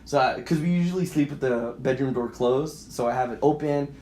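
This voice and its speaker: A young man co-hosting a podcast, telling a story casually with lots of swearing and acted-out shouting. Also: mid-range voice, a little fast, roomy sound, a little hiss or hum. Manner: animated, profane, acts out voices and shouts in quotes. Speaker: podcast co-host.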